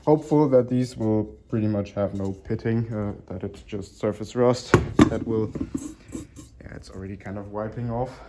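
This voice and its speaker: A relaxed man talks his way through an unboxing, chuckling often and filling pauses with ums and uhs. His voice is mellow and warm at a middle pitch. A faint hiss sits behind him. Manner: relaxed, chuckling, many fillers. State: slightly out of breath. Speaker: collector unboxing helmets. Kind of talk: casual vlog narration.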